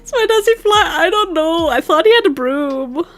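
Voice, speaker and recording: A woman's voice: very high-pitched, animated, normal speed, few pauses, a bit bright, soft background music. A young woman streaming live, reading a fanfic aloud and reacting to chat with giggly disbelief. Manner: giggly, incredulous, talks to chat. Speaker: virtual streamer.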